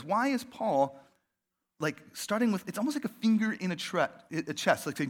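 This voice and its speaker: A man preaching a casual, animated sermon, often checking in with "right?" and "like.". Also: sits high, normal speed. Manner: animated, conversational, tosses in "right?" and "like". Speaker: pastor.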